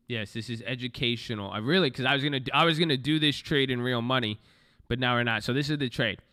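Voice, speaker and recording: A man's voice: mid-range voice, quick pace, sharp tone. A young man trading stocks on a livestream, talking bluntly to his chat and swearing freely. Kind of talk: casual livestream commentary.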